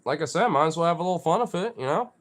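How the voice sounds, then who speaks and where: A vlogger chats casually at a medium pitch with lively intonation and a rapid-fire delivery, over a faint hiss or hum. The talk rambles along, packed with "you know" and "like," as they playfully tease and curse at their pets.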